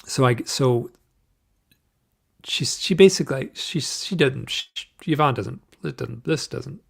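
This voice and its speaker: A man appearing as an interview guest tells a personal story, halting and restarting often while acting out the voices of people he quotes. His voice is medium-pitched, creaky and husky.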